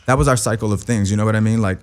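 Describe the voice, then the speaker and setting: A young man with a slightly low voice recounts a hard personal story as a guest. He talks in loose, repetitive runs, swears freely and keeps checking in with "you know what I mean.". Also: racing, clean tone. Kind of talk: emotional personal account in an interview.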